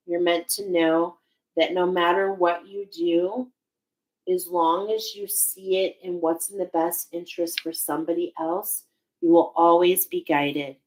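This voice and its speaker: A woman with a lowish voice does a spiritual oracle card reading. She speaks very slowly, searching for words and restarting often, with an emotional, wondering tone. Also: low-quality recording.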